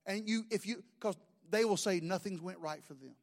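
High-voiced folksy preacher man. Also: moderate pace, vocal fry. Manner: folksy, humorous, animated storytelling with mimicked voices. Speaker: pastor. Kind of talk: sermon.

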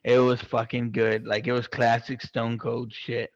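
A man chatting casually, excitable and swearing constantly, rambling with lots of fillers. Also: medium pitch, unhurried, no room sound, dull audio. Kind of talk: casual chat.

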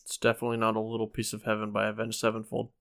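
A man's voice: fairly low pitch, completely flat delivery, vocal fry, fairly bright tone, slight background noise. A young man co-hosting a podcast, bantering casually and laughing often. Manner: joking, quick to riff and laugh. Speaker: podcast co-host.

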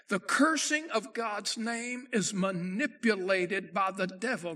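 A male pastor preaching in a high, bright voice. He stresses his points with emphasis and slows right down, rising in pitch, whenever he quotes scripture. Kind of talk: sermon.

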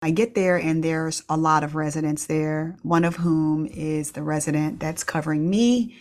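Low-voiced woman telling a candid story. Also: normal speed. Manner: candid, animated, with laughs and restarts. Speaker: pediatrician telling a personal story. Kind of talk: reflective storytelling.

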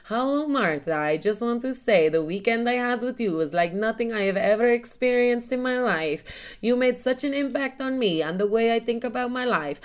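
A woman doing a sappy lovestruck young guy with a weird put-on accent, gushing over and over, pitched up high and a bit away from the mic. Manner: gushing, sincere, repetitive. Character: earnest lovestruck young man, odd accent.

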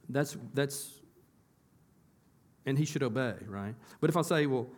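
A man preaching a sermon as pastor of a church. His voice sits at an ordinary middle pitch. He talks in a conversational way, asks the congregation questions, and doubles back on his words as he restarts. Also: lively intonation, moderate pace, pauses often, a little mellow.

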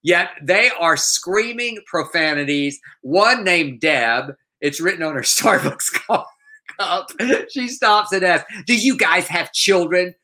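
A man co-hosting a podcast, retelling a news story in lively casual chat with mock quotes. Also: fairly high pitch, slow pace. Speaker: podcast co-host.

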